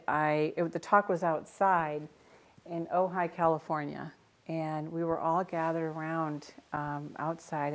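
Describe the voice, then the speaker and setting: Older female Zen teacher, lowish voice, relaxed conversational dharma talk with light humor. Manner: conversational and storytelling, with gentle self-mocking humor. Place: meditation center hall.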